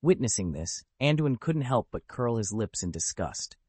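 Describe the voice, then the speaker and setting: A man's voice: mid-range voice, sing-song, normal speed, warm tone, husky, dry recording. A man narrating a web novel as an audiobook, telling the story steadily.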